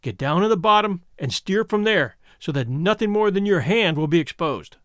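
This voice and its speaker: A man voicing a cool, determined male fish patrol officer who gives quiet commands. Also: sits high, animated, moderate pace, no room sound, studio quality.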